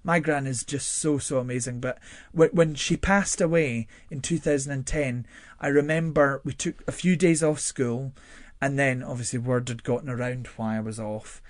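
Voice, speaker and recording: Heard through a studio microphone with no echo, a young male interview guest talks at a moderate pace in a mid-range voice. He relates personal stories with lots of expression, fillers and laughs.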